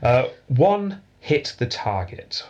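A man's voice: mid-range voice, very animated, slow, darkish tone, dull audio. A man hosting a casual history podcast, telling the story with dry jokes and frequent laughter.

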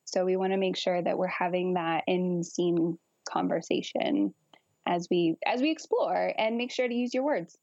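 A woman's voice: on the low side, moderate pace, darkish tone, no room sound, muffled recording. A woman guest on a podcast, talking frankly and casually with frequent laughter and swearing. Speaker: guest kink educator.

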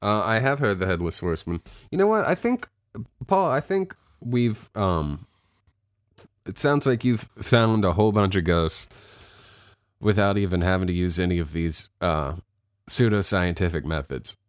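A man's voice: low voice, animated, normal speed, no echo. A man hosting a podcast in casual chat, dry and sarcastic, steering the talk. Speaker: podcast host.

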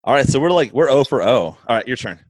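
A man's voice: medium pitch, sing-song, fast talker, no echo, studio quality. A man chatting casually, laid-back, laughing often and swearing, with stumbling restarts. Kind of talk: casual chat.

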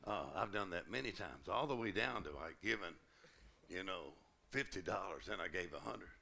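Gravelly-voiced preacher man, tense and bright. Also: low-pitched, moderate pace. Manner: lively and humorous, acting out little quoted exchanges. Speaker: pastor. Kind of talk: preaching a sermon to a congregation. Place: church conference.

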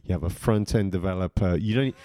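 Podcast co-host, male, low-pitched, dry close mic, rambling crude banter. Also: quick pace, mellow, dry recording. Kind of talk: casual chat.

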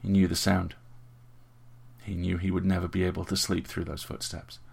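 A man narrating an audiobook story in a measured, even way. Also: low-pitched, vocal fry, slightly rough.

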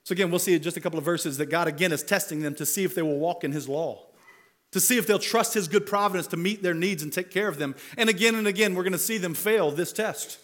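A man's voice: sits high, quick pace, fairly bright tone. A man preaching a sermon as pastor, talking conversationally and building to emphatic rhetorical questions. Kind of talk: expository sermon.

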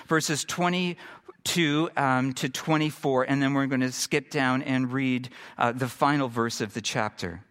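A middle-aged man preaching a sermon, moving from emphatic build-ups to quiet, hushed points. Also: medium pitch. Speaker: pastor.

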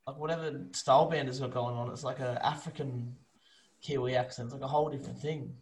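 An Australian man co-hosting a podcast, loose and excitable, swearing a lot, talking over a remote call. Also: medium pitch, fast, a little hiss or hum, poor audio. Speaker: podcast co-host. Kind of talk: casual chat.

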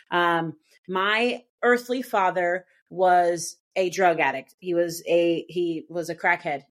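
A woman speaking as a guest on a live Christian panel, giving an earnest, heartfelt testimony with halting restarts. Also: fairly low pitch.

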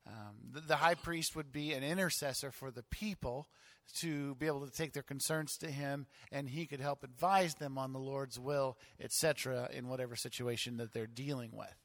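A male pastor explaining a Bible passage in a relaxed, conversational teaching style with frequent fillers. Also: mid-range voice, normal speed, dry recording.

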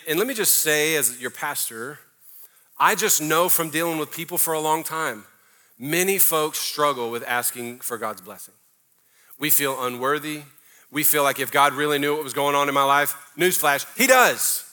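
A man's voice: fairly high pitch, sharp tone. A middle-aged man preaching a sermon as pastor, emphatic and conversational, breaking into mocking little prayer impressions.

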